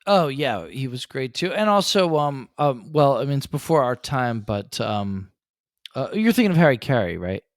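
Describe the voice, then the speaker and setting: A man's voice: mid-range voice, sing-song, moderate pace, no echo, clean studio sound. A man co-hosting a sports betting podcast, giving earnest analysis in casual chat with frequent ums. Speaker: podcast co-host.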